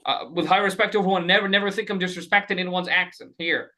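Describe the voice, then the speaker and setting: A man teaching an online group class, animated and repeating letters slowly for his students. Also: high-pitched. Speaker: Quran recitation teacher. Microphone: webcam.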